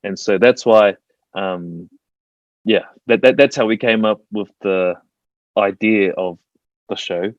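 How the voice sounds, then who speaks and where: A man's voice: on the low side, slow pace, long pauses, no room sound. A man, a TV presenter telling stories as a guest in a casual chat. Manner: animated storyteller, says "bro" a lot. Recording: dull lo-fi stream audio.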